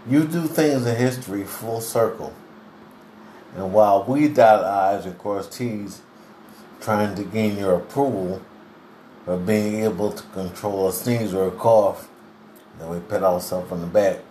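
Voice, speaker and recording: A man giving a devotional sermon in an earnest, deliberate preaching manner, clearing his throat now and then. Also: lowish voice, dark tone. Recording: roomy echo, faint background hiss.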